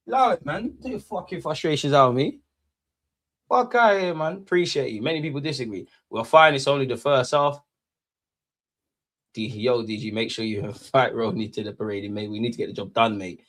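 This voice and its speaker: A man's voice: brisk, a bit bright. A young man hosting a football watchalong, chatting casually and ranting back at his live chat with a lot of swearing. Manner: rants at live chat, swearing, high-pitched indignation. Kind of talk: live match reaction chat.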